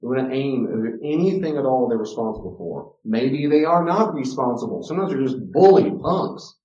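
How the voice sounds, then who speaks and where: A man's voice: medium pitch, expressive, normal speed, a little mellow. A middle-aged man teaching a parenting class, telling stories about raising his son and repeating words for emphasis. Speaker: teacher giving a parenting talk. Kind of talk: lecture with personal stories. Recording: roomy and distant, dull archive recording.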